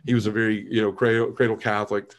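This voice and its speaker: Telling his conversion story as a podcast guest, a man in his forties speaks very fast in a fairly low voice. He is earnest and animated, acting out who he used to be.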